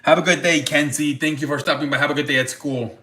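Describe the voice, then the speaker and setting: A man's voice: on the high side, fairly even intonation, fast talker, bright, forceful tone. A man hosting a casual livestream, chatting loosely with cursing and laughter and greeting viewers by name. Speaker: livestream host.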